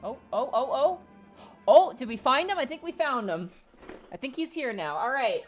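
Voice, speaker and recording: Lively woman streaming a video game. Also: high voice, normal speed, faint music behind. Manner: reads game text aloud, swears casually. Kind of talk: casual let's-play commentary.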